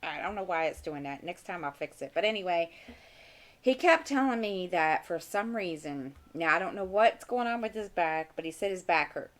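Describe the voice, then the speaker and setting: Middle-aged woman host, low-pitched, casual rambling crafting chat on a desk mic. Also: expressive, normal speed. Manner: rambling, talks to herself while working. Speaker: channel host. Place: home craft room.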